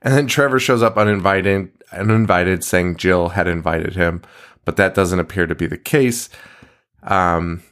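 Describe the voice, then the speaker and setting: A man's voice: low-pitched, a little slow. A man co-hosting a podcast, casually recapping a movie, laughing often and acting out lines. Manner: animated, laughing, swearing, acts out quotes. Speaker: podcast co-host.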